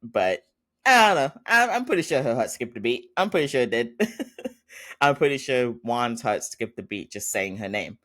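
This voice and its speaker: A man's voice: medium pitch, very animated, normal speed, fairly bright tone. A man hosting a podcast, recapping a drama episode in a loose, chatty way with lots of fillers and small laughs. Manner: chatty, rambling, with frequent fillers and little laughs. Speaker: podcast host.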